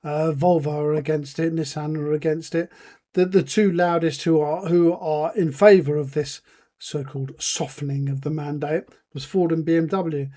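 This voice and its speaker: Measured man with a mellow voice. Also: a little high, fairly even intonation. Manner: measured, informative, lays out facts with fillers. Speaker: podcast co-host. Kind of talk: casual chat.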